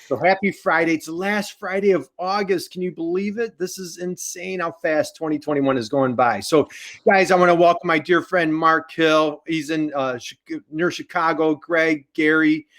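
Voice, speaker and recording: A man's voice: fairly high pitch, steady tone, normal speed, a bit bright. A man hosting a casual live-streamed show, upbeat and chatty, often restarting his sentences. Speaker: host.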